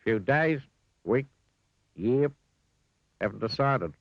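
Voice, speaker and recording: A man's voice: medium pitch, animated, takes it slowly, vocal fry, no room sound, dull audio, voice pushed up. A man voicing a cheerful, clumsy, untidy cousin with an Australian accent, bumbling and grinning. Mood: breezy.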